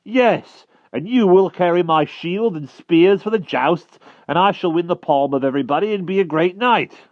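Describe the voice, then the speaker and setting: An eager, boastful young squire-turned-knight with a high, bright, excited voice, as a male storyteller puts him on. It sounds dry and a little lo-fi. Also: normal speed, dry recording, lightly acted.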